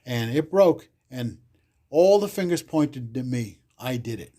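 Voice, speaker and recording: A man, a podcast guest telling loud, animated stories in casual chat, cursing freely and acting out the people he quotes. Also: medium pitch, a little slow. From the Bronx, New York. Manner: animated, swears freely, acts out quotes loudly. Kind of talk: casual storytelling.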